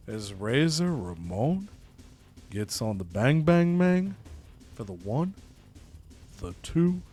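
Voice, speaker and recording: A man calling a wrestling match in a game with animated, dramatic play-by-play. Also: on the high side.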